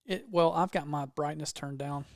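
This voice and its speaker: Man, Southern US accent, podcast host, raised pitch, laughs often, dry close mic. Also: fairly even intonation, moderate pace, dry recording. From American South. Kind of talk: casual chat.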